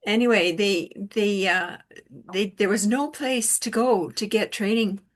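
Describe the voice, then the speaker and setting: A woman's voice: medium pitch, measured pace. A woman hosting a casual conversation over an online call, telling chatty stories and laughing often. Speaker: host.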